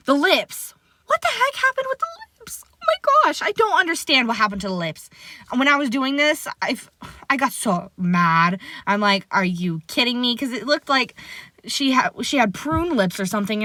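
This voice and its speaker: Excitable young woman with a bright voice. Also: medium pitch, dry recording. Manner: chatty, excitable, self-deprecating, rambling. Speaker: art channel host. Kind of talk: casual speedpaint commentary.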